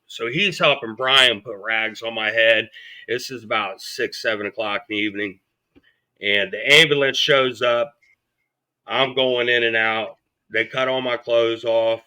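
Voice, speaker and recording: Bright-voiced man telling a blunt story. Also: medium pitch. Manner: blunt and profane, acting out what people said. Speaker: podcast guest. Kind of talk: storytelling in an interview.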